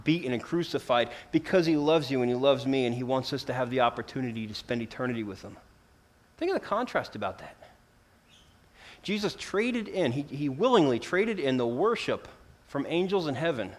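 A man preaching a sermon, earnest and emphatic, swelling louder for key lines and dropping low for solemn ones. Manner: earnest and emphatic, rising and falling in volume for emphasis.

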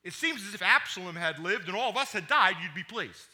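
A man's voice: high voice, animated, a little fast, pushed and bright, heavily acted. A man reading the part of a stern army general who bluntly scolds his king. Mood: rebuking.

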